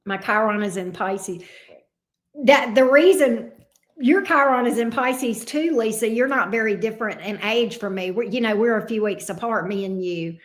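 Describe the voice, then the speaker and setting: A woman's voice: a little high, moderate pace. A woman in her fifties hosting a livestream as a tarot reader, chatting casually with viewers, blunt and profane, laughing easily. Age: 50s. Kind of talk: casual livestream chat reading viewer comments.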